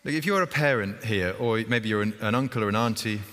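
In a church with long hall reverb, a vicar delivers an informal, chatty sermon in a slightly bright voice that sits on the low side and runs a little fast. He keeps restarting his sentences and acts out small stories as he goes.

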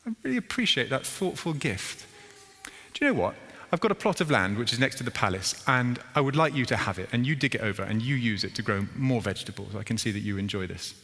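A man voicing a wise, generous king in a told parable, speaking calmly and with measure. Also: medium pitch, quick pace, long reverb tail.

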